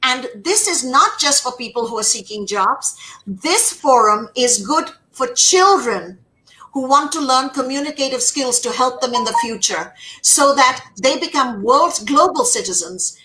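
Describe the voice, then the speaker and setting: A woman's voice: sits high, expressive, measured pace, pushed and bright, slight background noise, rough recording. A middle-aged woman who works as a communication trainer, speaking emphatically in an interview and repeating her words. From United States. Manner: emphatic, repeats words, acts out quoted speech. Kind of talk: conversational interview.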